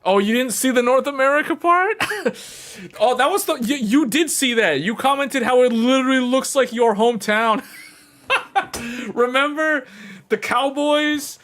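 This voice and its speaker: A man streaming to his viewers, chatting casually in a rambling, animated way and laughing often. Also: extremely high pitch, a little slow.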